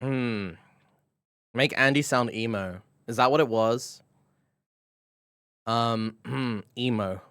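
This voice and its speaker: A man's voice: medium pitch, takes it slowly, pauses often, fairly bright tone, smooth, no echo, studio quality. A man with a British accent chatting playfully with his viewers on a live stream, often breaking into giggles. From Britain. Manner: playful, giggly, reacting to chat.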